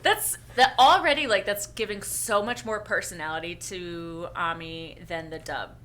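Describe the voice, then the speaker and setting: A woman co-hosting a casual podcast, who laughs easily and chimes in with quick agreement. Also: lowish voice, a bit bright, a little hiss or hum. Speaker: podcast co-host. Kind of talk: casual chat.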